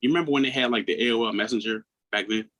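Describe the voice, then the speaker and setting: A man in his thirties, a podcast guest, telling his own story in a candid, earnest way, often restarting his words and acting out what others said in a higher voice. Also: rapid-fire, a bit bright, poor audio. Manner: acts out quoted people in a raised voice.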